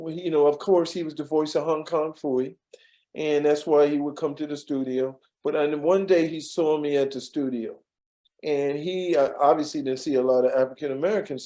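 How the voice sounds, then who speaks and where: Man, rambling storyteller, mellow warm tone, slightly high voice, interview guest. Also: fairly even intonation, normal speed, low-quality recording. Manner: rambling, many fillers and restarts, laughs at his own stories. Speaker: former studio assistant, interview guest.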